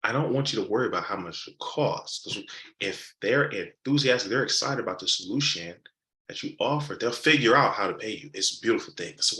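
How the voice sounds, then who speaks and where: Man, sales coach, lively swooping delivery, bright forceful tone, acts out dialogues. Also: fairly low pitch, brisk. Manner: animated, acts out customer dialogues; repeats key points for emphasis. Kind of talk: live sales training session. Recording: roomy echo.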